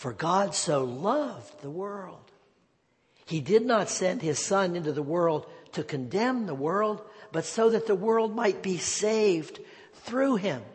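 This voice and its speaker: A pastor delivering a sermon at an unhurried pace, his voice sitting a little high for a man. He repeats his key phrases and at times sinks to a hushed near whisper. A long reverb trails behind him from the large sanctuary. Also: expressive.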